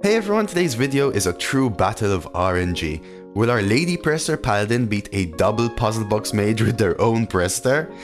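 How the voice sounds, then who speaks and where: A male streamer talks through a digital card game in a relaxed, chatty way, his pitch bouncing up and down as he reacts. He answers his chat aloud between turns, with faint music running under his voice. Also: normal speed.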